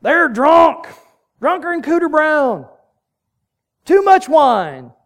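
A man's voice: very high-pitched, sing-song, slow, fairly bright tone, voice pushed up, heavily acted. A man doing a put-on hillbilly voice as a jeering male heckler in a crowd, with a mocking rural Southern drawl.

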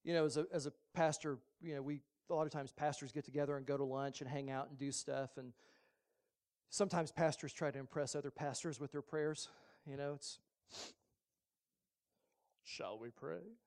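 A male pastor giving a sermon in a relaxed, conversational way, slipping in humorous asides. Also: a little high, brisk.

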